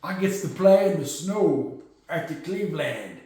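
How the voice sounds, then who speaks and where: Goofy, rambling adult quarterback mocked by a man, high voice, boomy echoing room. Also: lively intonation, measured pace, dark tone, far from the mic. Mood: mocking. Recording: very echoey room.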